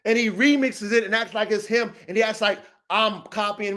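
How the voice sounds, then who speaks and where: A man's voice: high-pitched, fairly even intonation, a little fast, few pauses, a bit bright. A man hosting a dog-training show, delivering a heated, profane, repetitive rant that calls out a rival.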